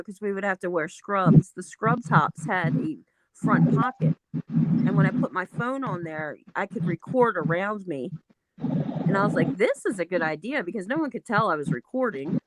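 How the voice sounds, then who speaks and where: A woman's voice: mid-range voice, expressive, normal speed. Woman, stream guest, casual chat, frank and explanatory, mid-range voice, hissy noisy line. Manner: explains things at length, frank. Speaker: YouTuber guest. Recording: noisy line with clear hiss.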